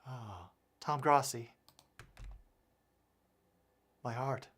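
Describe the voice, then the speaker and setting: A man voicing a shy, bookish teenage girl who is flustered and obsessive, speaking in a hushed, breathy, halting way while playing a game. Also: fairly high pitch. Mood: breathless, flustered. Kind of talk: let's play voice acting.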